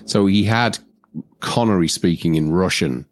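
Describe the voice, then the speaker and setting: A man's voice: low voice, a little slow, no echo. A man co-hosting a movie watchalong, chatting casually and laughing often. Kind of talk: casual chat over a film.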